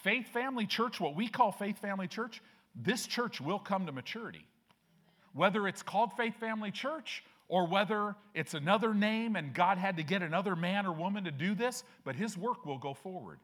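A man's voice: sits high, animated, moderate pace, fairly bright tone. A middle-aged man preaching a sermon to his church as pastor, acting out people in the stories he tells.

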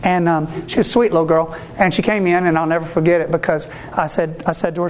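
A Catholic priest gives an animated, sermon-style talk to ministry workers, acting out the voices he quotes and often asking whether listeners follow and agree. His fairly high voice moves fast with hardly any pauses. There's slight background noise.

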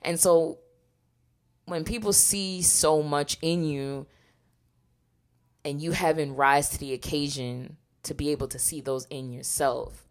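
Low-voiced woman telling a lively story. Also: a little slow, pauses often. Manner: animated storytelling, acts out quotes. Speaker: podcast co-host. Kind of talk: casual chat.

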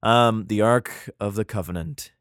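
A man's voice: on the low side, measured pace, a bit bright, no room sound, studio quality. A young man reading old scripture aloud and breaking off into sarcastic, profane commentary. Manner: crude, sarcastic commentary between archaic verses. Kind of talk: irreverent comedic reading with profane asides.

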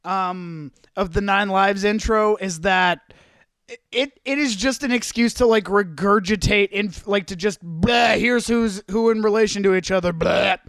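A man's voice: high-pitched, unhurried, a bit bright, no room sound, studio quality. A man recapping a movie on a podcast, wry and sarcastic. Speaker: podcast co-host.

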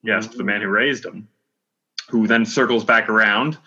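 A man co-hosting a casual film podcast, chatty and quick to add corrections and asides. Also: lowish voice, fairly even intonation, bright, forceful tone, slightly rough. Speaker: podcast co-host. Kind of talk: casual chat about a film. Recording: dull lo-fi audio.

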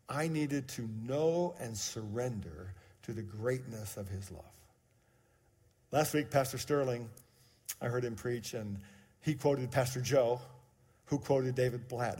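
A man in his sixties preaching a sermon, telling a personal story as he moves between quiet, hushed moments and emphatic, raised passages. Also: medium pitch, breathy edge. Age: 60s. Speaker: pastor.

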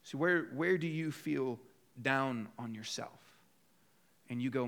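A man's voice: medium pitch, slow, creaky, long pauses, fairly bright tone. A man preaching a conversational sermon as pastor, rising to emphatic bursts when voicing people's inner thoughts. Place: church.

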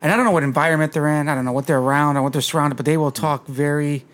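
A man co-hosting a casual podcast, speaking bluntly with swearing and quick bursts. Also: a little high, fairly bright tone. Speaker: podcast co-host. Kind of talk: casual chat.

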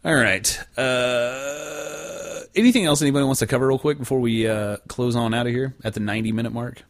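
A man's voice: medium pitch, brisk. A young man co-hosts a casual podcast. He talks in a rambling, joking way and swears freely. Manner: rambling, profane, jokey storyteller. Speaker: podcast host.

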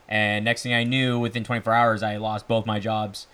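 A man's voice: on the low side, little pitch movement, fairly bright tone, smooth. A man in his twenties, a student and bartender, chatting casually as a podcast guest and telling stories with lots of "like" and "literally". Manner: chatty, fast storytelling with "like" and "literally".

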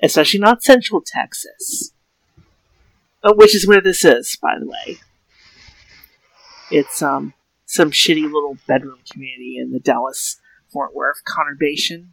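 A man's voice: a little high, a little slow, creaky, pauses often, fairly bright tone, dry recording, low-quality recording. A man from Florida co-hosting a podcast, sardonic and swearing freely in casual comedic chat. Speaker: podcast co-host.

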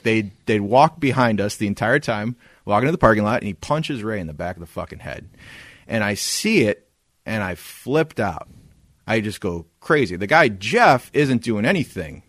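A man's voice: lowish voice, normal speed, no echo, clean studio sound. A man co-hosting a podcast, telling a story in casual chat, swearing a lot and acting out what people said. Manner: animated, profane, acts out quoted lines. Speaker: podcast co-host.

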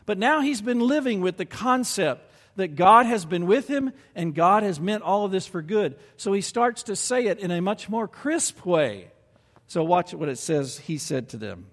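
Male preacher, a touch high-voiced, earnest sermon delivery with swells of emphasis, long hall reverb. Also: expressive, moderate pace, a bit bright. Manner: earnest, rising to emphatic peaks. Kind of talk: sermon with scripture reading.

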